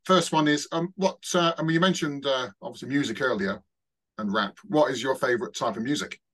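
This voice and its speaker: Guy hosting an interview, kind of hesitant, lots of ums, mid pitched voice. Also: fairly quick, a bit bright. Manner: hesitant, many fillers, friendly. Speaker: interviewer, host. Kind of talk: casual interview questions.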